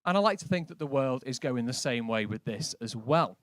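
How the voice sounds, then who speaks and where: Dry-talking stand-up comedian. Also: male voice, mid-range voice, expressive, brisk, no echo. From Britain. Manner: dry, conversational, lots of likes. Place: comedy club stage.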